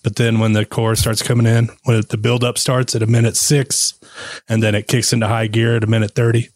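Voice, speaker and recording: A man's voice: fairly low pitch, a little fast, no room sound. Laid-back male producer, dry sound. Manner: relaxed, summarizing, casual swearing. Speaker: podcast producer. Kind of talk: casual recap.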